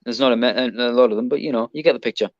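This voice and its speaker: A man's voice: mid-range voice, fairly even intonation, very fast, dry recording, dull audio. A man with an English accent, a podcast guest, chatting casually and rambling with lots of ums and restarts. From Britain. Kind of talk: casual chat.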